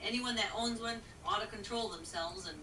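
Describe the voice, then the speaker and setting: A woman's voice: fairly high pitch, moderate pace, echoey room, far from the mic, noisy background. A woman who is a singer, talking in a folksy, plain-spoken way with many fillers while being interviewed. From rural country. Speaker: singer and guest. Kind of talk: casual interview answers.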